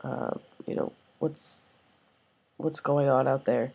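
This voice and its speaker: A woman's voice: extremely low pitch, steady tone, slow, gravelly, a little mellow, breathy edge, exaggerated voice. A woman reading the lines of a furious, defiant king from a play aloud for a lesson, in a plain read-aloud style. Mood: scornful. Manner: reading Shakespeare verse aloud with rising emphasis.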